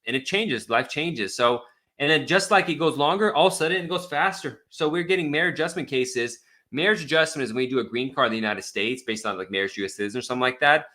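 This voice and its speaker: A man's voice: medium pitch, fast talker, bright, forceful tone. A man who is an immigration attorney answers viewer questions on a live stream in a blunt, exasperated, rambling way.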